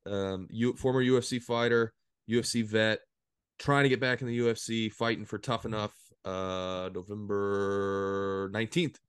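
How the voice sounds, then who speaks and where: A man's voice: on the low side, fairly even intonation, moderate pace, clear, resonant tone, no echo, studio quality. A man hosting a podcast in casual chat, telling stories animatedly and mimicking people in a raised voice. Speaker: podcast host.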